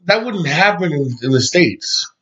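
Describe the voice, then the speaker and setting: A man's voice: a little high, expressive, measured pace, a bit bright. A man co-hosting a podcast in casual chat, loose and profane, full of "like" and "dude". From Canada. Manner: loose, swears casually, says "like" and "dude" a lot. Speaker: podcast co-host. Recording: dull lo-fi sound.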